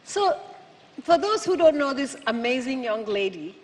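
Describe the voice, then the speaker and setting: A woman's voice: high voice, very animated, measured pace. A woman giving a public speech, emphatic and asking the audience rhetorical questions. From Nigeria. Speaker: keynote speaker. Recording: long hall reverb from a venue.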